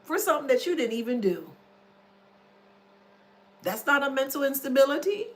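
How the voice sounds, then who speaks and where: A woman's voice: high voice, sing-song, moderate pace, a bit bright. A woman commentator in a casual monologue, blunt and scornful, who spells out words letter by letter. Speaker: online commentator.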